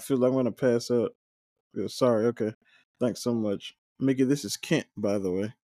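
A man hosting a watch-along, recapping scenes and reading out the characters' lines with quick joking asides. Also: mid-range voice, fairly even intonation, a little mellow, no echo, clean studio sound. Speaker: watch-along podcast host. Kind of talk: casual recap, reading dialogue aloud.

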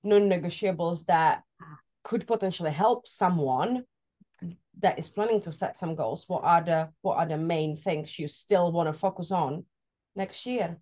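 A woman's voice: lowish voice, unhurried, warm tone. A woman co-hosting a fitness podcast, chatty and teasing, who laughs easily. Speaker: fitness coach and co-host. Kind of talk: casual podcast chat.

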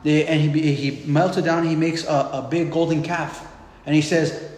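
A man preaching in a relaxed, conversational way, retelling scripture in plain modern words and voicing the people in the story. His voice sits a little high. The sound rings through a big echoey hall with a long reverb tail. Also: a little fast. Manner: retells scripture in casual everyday speech, acting out voices. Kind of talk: sermon.

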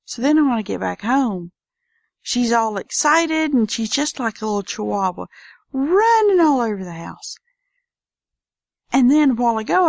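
A woman's voice: mid-range voice, vocal fry, darkish tone, no echo, clean studio sound. A woman with a Southern US accent hosting a casual solo podcast from her home office, chatty and folksy. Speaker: podcast host.

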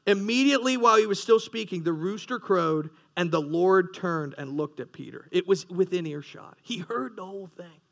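High-voiced man preaching earnestly. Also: normal speed, vocal fry, hardly any pauses, fairly bright tone. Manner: earnest preaching with rising emphasis and repeated restarts. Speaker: pastor. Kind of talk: sermon.

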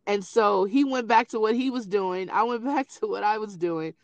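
A middle-aged woman in casual conversation, telling family stories in an animated way. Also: medium pitch, normal speed, no room sound. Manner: animated storyteller who acts out quoted voices. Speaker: grieving mother sharing memories.

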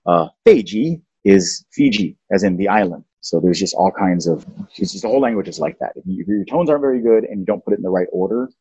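A man's voice: low voice, fast talker, a little mellow, breathy edge, dry recording, dull audio. A man hosting a casual talk show, playfully explaining language and singing out example tones. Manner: playful, teaching, sings out tones. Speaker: podcast host.

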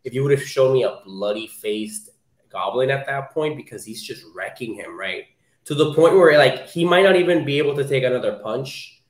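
A young man talks eagerly on a casual podcast, swearing often and acting out lines from scenes. His voice sits at an ordinary pitch, with a roomy echo around it. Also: normal speed. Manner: excited, swears freely, acts out quotes. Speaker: podcast co-host. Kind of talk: casual chat, movie talk.

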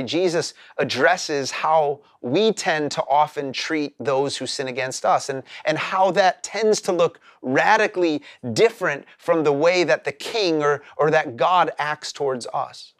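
A pastor preaches in an earnest, explanatory way. His voice sits a little high for a man and sounds dry and close. He often trips and repeats a word as he starts a new thought. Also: measured pace, hardly any pauses, no echo. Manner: stumbles and repeats words at the start of phrases. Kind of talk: sermon.

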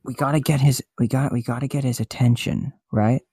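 A man hosting a comedy podcast, goofy and flustered, his voice jumping up high when he panics. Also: fairly even intonation, a little fast, mellow, slightly rough, no echo, clean studio sound. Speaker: podcast host. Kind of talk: comedic casual chat.

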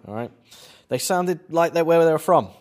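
A man's voice: fairly high pitch, moderate pace, darkish tone. A man giving a conversational public lecture on film, quizzing the audience as he goes. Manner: chatty, quizzes the audience with questions.

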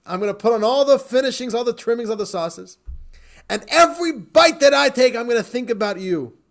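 A man voicing a fed-up middle-aged male professor who rants loudly in exasperation. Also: sits high, rapid-fire, vocal fry, pitched above the performer's own voice. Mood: indignant. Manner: loud, exasperated ranting.

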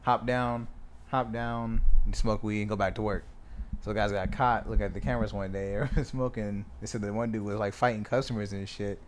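A man telling a story in casual chat, swearing freely and acting out the quotes loudly. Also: on the low side, fairly quick, slight background noise. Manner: animated, swears a lot, acts out quotes loudly.

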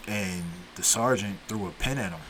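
A man's voice: on the low side, normal speed, fairly bright tone, slight background noise, low-quality recording. A man hosting a podcast, telling stories in a laid-back, profane, casual way. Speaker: podcast host.

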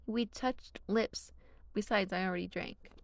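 A woman's voice: medium pitch, measured pace, no room sound, close to an everyday voice. Woman doing a stubborn earnest young guy, dry close sound. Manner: stubborn, insistent.

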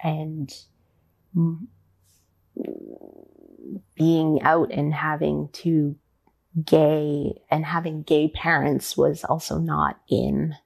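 A woman, a ballet dancer, answering interview questions in a thoughtful, halting way, often searching for words. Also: sits low, level tone, gravelly, a little mellow. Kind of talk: interview conversation.

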